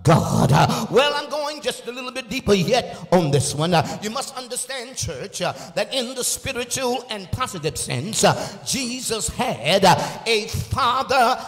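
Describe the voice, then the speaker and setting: A man's voice: extremely high pitch, lively intonation, faint music behind. A male evangelist preaching a sermon, calling on the congregation and stretching out emphatic phrases, with frequent "uh" and "amen". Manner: drawn-out emphatic phrases, rising to shouts. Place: church sanctuary. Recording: live church recording with long hall reverb.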